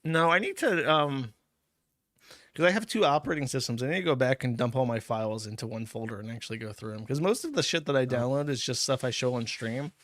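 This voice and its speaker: A man's voice: medium pitch, fast talker, a bit bright, no room sound, clean studio sound. Profane rambling male livestream host. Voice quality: rambling, profane, laughs often. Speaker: livestream host reading paid chat messages. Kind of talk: casual livestream chat.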